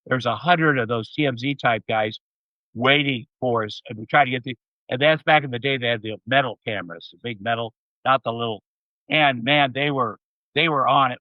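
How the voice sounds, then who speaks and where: Male guest, sixties, mid pitch, rambling anecdotal delivery, dry and slightly muffled sound. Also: no room sound. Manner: rambling anecdotes with many fillers. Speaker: interview guest. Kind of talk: casual storytelling. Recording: dull, slightly muffled audio.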